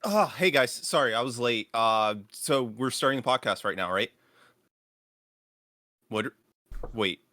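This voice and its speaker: Man, late guest, goofy skit, bright voice, slow and swooping. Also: medium pitch, lively intonation, no echo, clean studio sound. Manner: goofy, startled, exaggerated. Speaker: podcast guest. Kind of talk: comedy skit.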